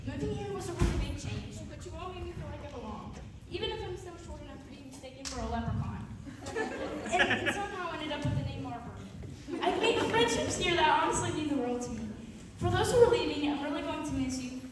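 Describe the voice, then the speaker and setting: Teenage girl, choir student, shaky heartfelt speech; high voice in a big reverberant room. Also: lively intonation, quick pace, very noisy. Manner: nervous, heartfelt, near tears. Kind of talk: reading a farewell speech. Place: large echoey concert hall. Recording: echoey hall, distant mic.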